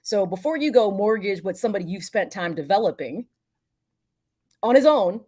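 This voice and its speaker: A woman with a Chicago accent co-hosts a sports talk show. Her voice is slightly husky, and its pitch rises and falls a lot. She gives frank, opinionated takes and teases her co-host. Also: animated, moderate pace, a little mellow.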